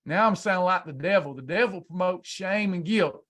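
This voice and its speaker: Man, high voice, weight-loss coach, preacher-like, emphatic, rhetorical questions. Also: normal speed, fairly bright tone. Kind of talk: preachy motivational speech to a class.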